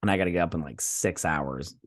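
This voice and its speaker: A man's voice: sits low, fairly quick, fairly bright tone. A tired man hosting a casual TV review, retelling an episode in a rambling, chatty way and often breaking off to give his own reactions. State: tired, yawning. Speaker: TV review host.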